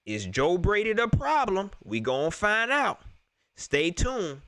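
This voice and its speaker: Animated, bright-voiced sports fan man. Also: high-pitched, takes it slowly, no room sound, clean studio sound. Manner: animated, repeats himself, laughs often; talks straight to viewers. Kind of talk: excited casual sports preview chat.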